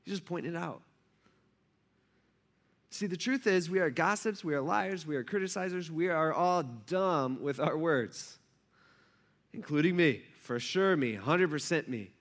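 A man preaching in church with a bright, forceful tone and a fairly high voice. He talks in a conversational way and acts out the voices of the people he quotes with big jumps in pitch. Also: a little slow, long pauses. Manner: conversational and self-deprecating. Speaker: pastor. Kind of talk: sermon. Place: church hall.

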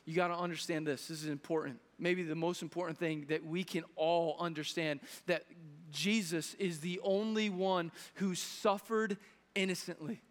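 An earnest man in his thirties preaches with a bright, high voice, pushing harder as he goes and often restarting his phrases. His words ring out with the long reverb of a large hall. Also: steady tone, moderate pace. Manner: earnest, building intensity with restarts. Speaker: pastor. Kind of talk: sermon.

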